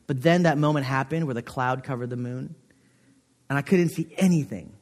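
A man's voice: medium pitch, normal speed. A young man giving a chapel sermon in a college chapel, talking in an earnest, conversational way with many fillers. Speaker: chapel speaker. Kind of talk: chapel sermon with personal story. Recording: long hall reverb.

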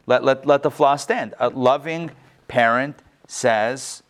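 A man teaches a Torah class from a sheet of texts, his voice at an everyday middle pitch. He talks earnestly, often restarting and repeating phrases and leaning hard on key words. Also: slow pace. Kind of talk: text-based Torah class.

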